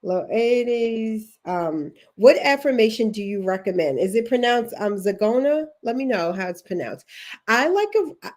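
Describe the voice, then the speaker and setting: A woman's voice: fairly high pitch, lively intonation, unhurried, a little mellow. Chatty Baltimore woman coaching live. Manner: chatty, encouraging, reads viewer comments aloud. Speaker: career coach hosting a livestream. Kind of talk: casual livestream coaching.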